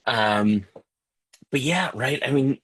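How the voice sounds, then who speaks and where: A man with a husky, fairly bright, medium-pitched voice hosts a whisky tasting over a video call, speaking slowly and expressively. His casual chat is loose, full of fillers and restarts.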